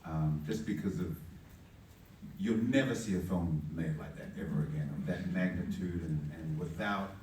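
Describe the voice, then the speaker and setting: Deep-voiced man teasing on a panel. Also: normal speed, darkish tone, a little hiss or hum. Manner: dry, teasing humor. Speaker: actor on a film cast panel. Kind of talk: panel chat. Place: large convention hall. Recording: echoey hall, distant mic.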